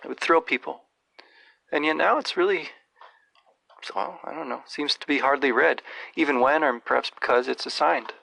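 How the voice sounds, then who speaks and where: A man hosting a podcast, giving thoughtful, digressive literary commentary in a measured way. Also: a little high, creaky, pushed and bright, low-quality recording. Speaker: podcast host.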